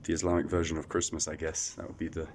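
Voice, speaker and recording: Low-voiced rambling male travel vlogger. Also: little pitch movement, fast, background noise. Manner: rambling, self-deprecating, many fillers and restarts. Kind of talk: casual travel vlog talk to camera. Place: echoey outdoor site.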